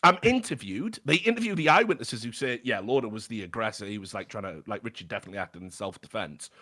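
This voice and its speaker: A man's voice: lowish voice, expressive, fast talker, sharp tone. A British man on a podcast, telling a story in casual chat, swearing freely and restarting his sentences. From Britain. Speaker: podcast guest.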